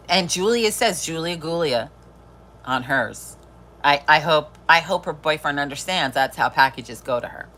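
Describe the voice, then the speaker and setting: A woman's voice: low voice, a bit bright, slight background noise. A middle-aged woman hosting a live stream, chatting casually, swearing freely and laughing often. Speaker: livestream host.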